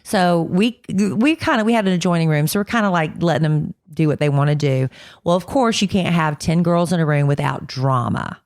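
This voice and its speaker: A woman co-hosting a podcast, telling a story in a casual, animated way and acting out other people's voices as she goes. She is getting over a cold. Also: sits low, brisk. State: fighting a cold. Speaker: podcast co-host.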